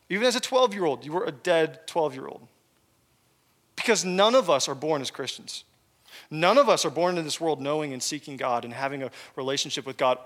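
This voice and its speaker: A young man preaching a sermon, earnest and emphatic, dropping low and soft on key phrases. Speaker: pastor.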